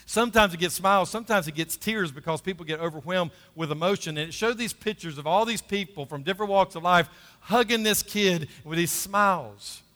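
A man's voice: high voice, a little fast, pushed and bright, long reverb tail. A man preaching a sermon as pastor, emphatic and repeating key phrases, calling for responses from the congregation.

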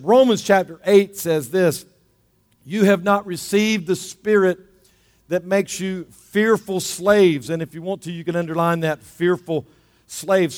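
A middle-aged man, a pastor, delivering an emphatic sermon with a hoarse voice, repeating key words for stress. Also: sits high. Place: church sanctuary. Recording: long reverb of a large hall.

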